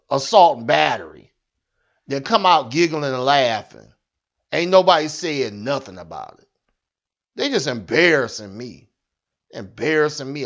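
Slow ranting guy, swings his pitch all over the place, blunt and cussing, muffled lo-fi sound. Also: fairly bright tone. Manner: blunt, profane and repetitive. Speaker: satirical news host. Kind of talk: angry comic rant.

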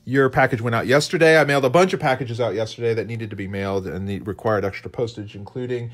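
A man in casual live-stream talk, rambling and self-deprecating as he paints. His pitch sits at an ordinary middle height for a man. He chats easily with his co-host and the viewers. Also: fast talker. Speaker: co-host and illustrator.

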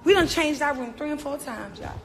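A woman's voice: high-pitched, lively intonation, a little fast, creaky. A woman from Baltimore ranting indignantly and emotionally into her phone in a hotel on a livestream. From Baltimore, USA. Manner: indignant, emotional, repeats herself. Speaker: celebrity livestreaming. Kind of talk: angry live-stream rant. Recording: echoey room with faint noise.

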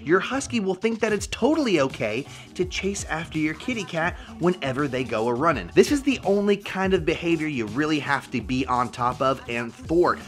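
A man's voice: a little high, expressive, normal speed, few pauses, faint music behind. A man hosting a casual instructional pet vlog, playful and slangy in manner. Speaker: dog trainer vlogger.

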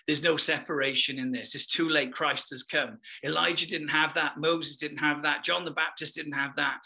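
A man teaching a spiritual session, exuberant with sudden whoops, then slowing into a soft voice to guide breathing. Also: on the high side. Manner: drops to a soft, slow guiding voice in meditation. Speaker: Christian teacher.

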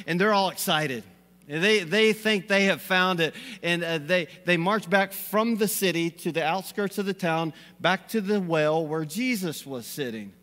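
A man's voice: high-pitched, fairly bright tone. A man preaching a sermon in a church, folksy and rambling, with lots of fillers and small chuckles. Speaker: pastor. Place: church sanctuary. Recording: long reverb of a church hall.

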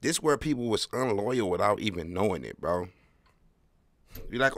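A man with a somewhat low voice holds forth alone on his podcast in loose, slangy talk. He rambles and drives his points home with wry emphasis. The sound is dry and close, with no room around it. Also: expressive, moderate pace, a bit bright, dry recording. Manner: slangy, rambling, keeps tagging "bro". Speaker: podcast host. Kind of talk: casual solo podcast monologue.

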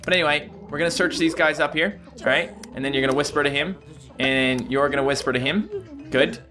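A man giving casual gameplay commentary, excitable and jumping to high yelps when things go wrong. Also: brisk, over music. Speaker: gaming YouTuber.

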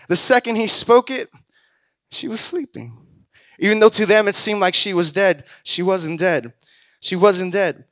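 High-voiced pastor preaching with rising fervor. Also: male voice, unhurried, no room sound, clean studio sound. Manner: preacher who acts out quoted voices and builds to loud exhortations. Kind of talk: sermon.

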